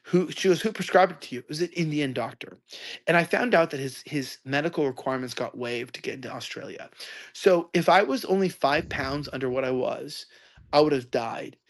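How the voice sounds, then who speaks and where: A man telling a long rambling story in a loud, ranting way. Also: on the high side, fairly quick. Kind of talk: ranting monologue.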